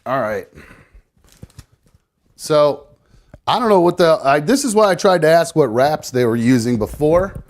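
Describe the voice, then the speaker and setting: A man's voice: on the high side, sing-song, unhurried, long pauses. A man chatting casually on a live show, narrating what he is doing as he goes, swearing and rambling and slightly out of breath. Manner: rambling, swearing, self-narrating while rolling. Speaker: live show guest rolling a blunt. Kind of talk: casual live-stream chat.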